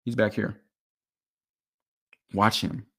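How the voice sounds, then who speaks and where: A man casually breaking down football game film, talking in a quick, animated, explanatory way. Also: lowish voice, vocal fry.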